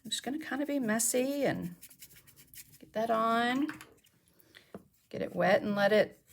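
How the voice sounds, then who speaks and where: A woman's voice: on the high side, a little slow, creaky, slight background noise. A woman, chatting casually as she demonstrates mixed media art techniques and answers viewers' questions. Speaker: craft instructor. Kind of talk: casual live craft demonstration.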